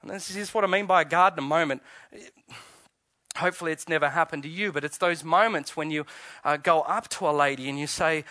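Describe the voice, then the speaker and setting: A man gives an Easter sermon in a fairly high, bright and forceful voice. He talks to the congregation conversationally, posing questions and restarting his phrases. The sound is dry and close. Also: fairly quick, no room sound. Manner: conversational, questioning, self-interrupting preacher. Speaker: pastor.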